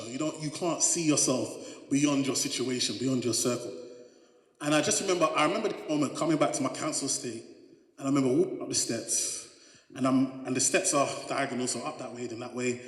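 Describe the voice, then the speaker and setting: A man's voice: mid-range voice, fairly quick. A man from giving a motivational keynote, joking with the crowd and telling stories. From London, England. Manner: animated, joking, storytelling with crowd interaction. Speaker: keynote speaker. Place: large hall on stage. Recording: echoey hall.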